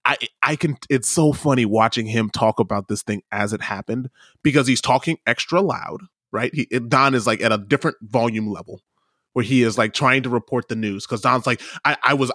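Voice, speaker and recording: A man co-hosting a casual political podcast, ranting in an animated, mocking way with stammered restarts. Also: medium pitch, no room sound, studio quality. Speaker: podcast co-host.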